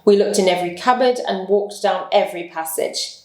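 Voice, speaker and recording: A woman's voice: mid-range voice, brisk, darkish tone. Woman reading a story for learners. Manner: clear, careful narration. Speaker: English teacher reading a story. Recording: echoey room.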